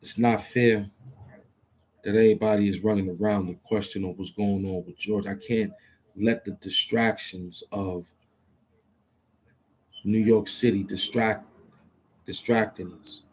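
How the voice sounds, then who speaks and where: A man's voice: fairly low pitch, steady tone, unhurried, long pauses, a little hiss or hum. A man rambling to himself as he thinks aloud, often hesitating, repeating himself and restarting.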